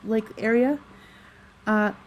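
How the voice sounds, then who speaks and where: Speaking slowly in a fairly high voice, a woman narrates as game master of a tabletop game. She rambles chattily, using many fillers and self-corrections, and the recording has its highs cut off.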